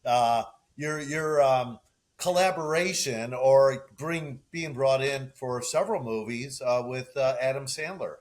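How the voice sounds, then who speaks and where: A man's voice: mid-range voice, unhurried. Hesitant male podcast host. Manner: hesitant, fills with "you know" and "uh". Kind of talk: interview questions.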